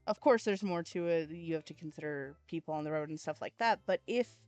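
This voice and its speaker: A woman's voice: low voice, a little fast, darkish tone, dry recording, soft background music. A woman hosting a gaming channel, rambling casually over gameplay and swearing now and then.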